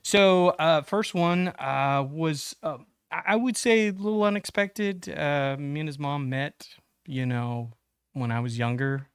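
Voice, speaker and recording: A man's voice: on the high side, measured pace, clean tone, no room sound, studio quality. A man, casually telling a long story as a podcast guest, full of fillers, restarts and swearing. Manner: rambling, many fillers and restarts, swearing, acts out quoted voices.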